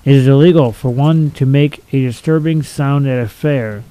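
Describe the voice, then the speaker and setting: A man's voice: medium pitch, normal speed, dark tone, clean tone, dry recording, rough recording. A young man reading out silly laws and mocking each one in a blunt, profane, sarcastic way. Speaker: video commentator.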